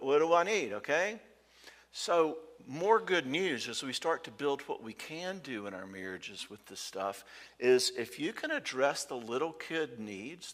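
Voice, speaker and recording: In a church hall with audible hall reverb, a man gives a conversational talk at a marriage conference. His voice is a little high and a bit bright, and he acts out quoted dialogue while checking in with the audience.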